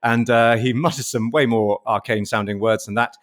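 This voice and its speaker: A man running a tabletop game as game master, narrating in a relaxed, hesitant way. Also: medium pitch, normal speed, a little hiss or hum.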